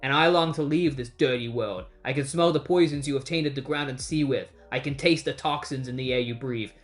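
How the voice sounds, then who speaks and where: A cold, haughty undersea prince who speaks gravely and formally, put on by a comic recapper in a mid-pitched voice. The lines come out lower and stiffer than the recapper's own talk. Soft music plays faintly underneath. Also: a little fast, natural voice.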